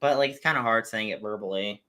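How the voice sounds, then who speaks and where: A man's voice: on the low side, fast, bright, forceful tone. A young man co-hosting a livestream review, chatting casually and rambling with lots of fillers. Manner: rambling, heavy on fillers, laughs often.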